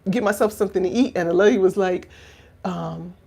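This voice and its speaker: A woman in her thirties, a coach, talking casually and heartfelt to camera, drifting from hushed reflection to loud exclaiming, with many fillers and rhetorical questions. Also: fairly low pitch, brisk, creaky, slightly rough. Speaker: life coach and finishing school founder.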